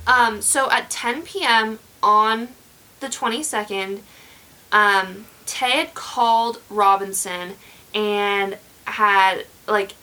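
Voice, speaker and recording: A young woman hosts a podcast, telling a true crime story in casual chat that rambles with many fillers and restarts. Her medium-pitched voice is bright and forceful, and she takes it slowly. The recording is low quality.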